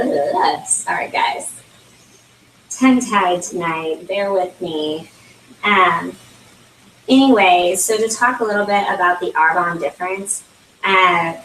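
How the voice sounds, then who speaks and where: A woman's voice: fairly low pitch, a bit bright, a little hiss or hum. A young woman giving a casual product talk at a home party, chatty and full of fillers. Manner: chatty, many fillers, laughs often. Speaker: consultant presenting at a launch party. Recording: roomy, distant camera audio.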